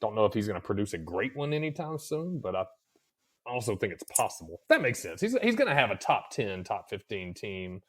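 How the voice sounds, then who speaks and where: A man's voice: fairly low pitch, very animated, fairly quick, a bit bright. A man co-hosting a podcast, telling stories in crude casual chat and swearing a lot. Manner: profane storytelling, swears constantly. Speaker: podcast co-host.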